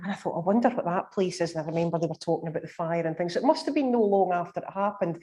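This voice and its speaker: A woman, a paranormal researcher, recounting ghost experiences in a chatty, measured way with many fillers. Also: fairly low pitch, dark tone. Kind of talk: storytelling in conversation.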